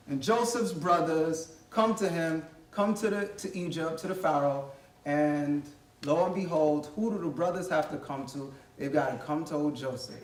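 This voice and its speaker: A man giving a motivational talk as a guest speaker, telling a story in a lively, conversational way with casual slang. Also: high-pitched. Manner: animated, conversational, uses street slang. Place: college library event room. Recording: echoey hall from far off.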